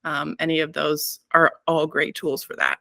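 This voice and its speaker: A woman's voice: low-pitched, flat delivery, moderate pace, creaky, pushed and bright, no room sound. Reflective woman guest, dry sound. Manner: reflective, frequent "um" fillers, laughs between points. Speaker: wellness professional guest. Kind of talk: casual interview talk.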